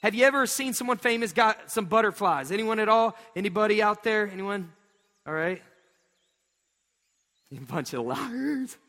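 A man, preaching a sermon in an animated storytelling way. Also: high-pitched, fairly quick. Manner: storytelling, animated, acts out voices. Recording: long hall reverb.

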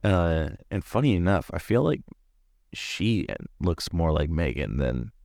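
Low-voiced man chatting in a podcast. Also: sing-song, measured pace, vocal fry, a little mellow, dry recording, studio quality. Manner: chatty, lots of "like" fillers. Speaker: podcast co-host. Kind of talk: casual movie review chat.

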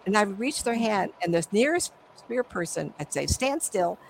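A woman's voice: mid-range voice, big pitch swings, fairly quick, vocal fry, a little hiss or hum, poor audio. A middle-aged woman, a psychic medium, telling stories animatedly in an interview and acting out the voices. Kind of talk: conversational interview storytelling.

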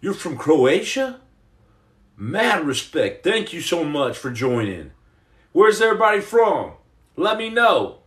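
Man, high animated voice, rambling comedic livestream host, stammering restarts, echoey room. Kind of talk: comedic live chat reading viewer comments.

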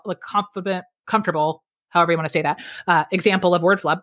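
A woman's voice: medium pitch, quick pace. A woman guest, a public speaking coach, talking energetically and emphatically in a casual interview over a video call. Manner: energetic, emphatic, self-deprecating.

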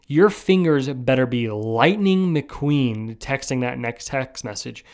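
A man's voice: mid-range voice, takes it slowly. A young man hosting a casual solo podcast, telling a rambling story with lots of restarts and asides. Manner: rambling, animated, self-interrupting. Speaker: podcast host.

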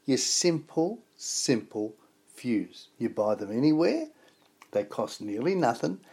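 A man's voice: mid-range voice, sing-song, takes it slowly, creaky, a little mellow, slightly rough. A man hosting a weekly radio show in an enthusiastic, emphatic, casual way. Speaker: radio host.

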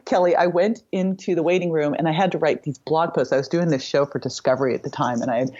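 A middle-aged woman, a guest on an interview podcast, tells a personal story vividly, acting out the quoted dialogue. Her low-pitched voice is fast, a little mellow, and slightly rough, and the recording has a lo-fi quality.

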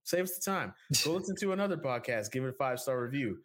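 Joking, animated male podcast host. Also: fast talker. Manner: joking, animated, big pitch swings; rambling ad reads. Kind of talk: casual podcast chat.

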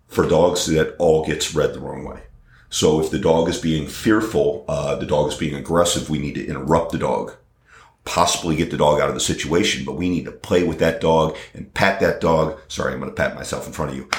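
A man working as a dog trainer, talking through his experience in an interview. He pauses often and fills gaps with "uh" and restarts. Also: rumbling low. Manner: hesitant, many fillers and restarts. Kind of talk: conversational interview. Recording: roomy echo.

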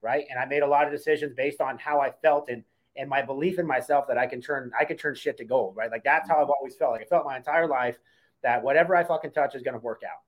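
A man's voice: medium pitch, quick pace. A man telling his story in a casual, brash way, with plenty of swearing. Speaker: co-host. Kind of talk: casual chat.

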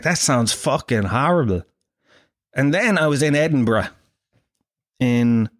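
Brief: Irish man, podcast host, self-mocking and sweary, mid-pitched voice, dry close sound. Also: no room sound. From Ireland. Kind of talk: comic monologue.

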